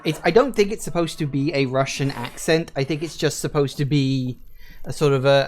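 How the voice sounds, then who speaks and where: A man hosting a let's play, giving casual, rambling commentary with many hesitations. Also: mid-range voice. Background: game music.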